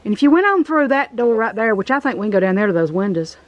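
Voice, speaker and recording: Fast and with big swings in pitch, a middle-aged vlog host with a Southern US accent chats folksily and emotionally while touring an abandoned house outdoors. Her voice is fairly high. The audio is dull, with no room sound.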